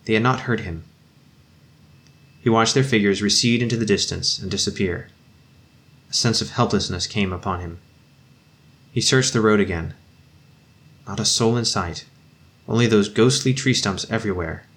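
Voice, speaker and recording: Solemn low-voiced male narrator. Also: normal speed, pauses often, a bit bright. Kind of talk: audiobook reading.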